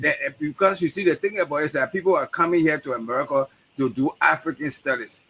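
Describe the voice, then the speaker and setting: A man's voice: fairly high pitch, a bit bright, a little hiss or hum, low-quality recording. A man with a Liberian accent, a guest educator speaking animatedly in an interview over a video call, often repeating words as he builds a point. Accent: Liberian English. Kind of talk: conversational interview.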